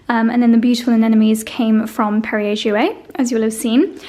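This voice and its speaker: A woman's voice: a little high, a little mellow. A young woman vlogging at home in a casual, chatty way, gushing over deliveries as she unpacks them. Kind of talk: casual vlog chat.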